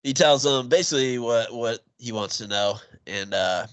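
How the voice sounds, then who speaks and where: A man's voice: medium pitch, clean tone, dry recording. A man co-hosting a movie podcast, retelling a film's plot in casual chat and laughing often. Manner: laughs often, quick asides. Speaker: podcast co-host.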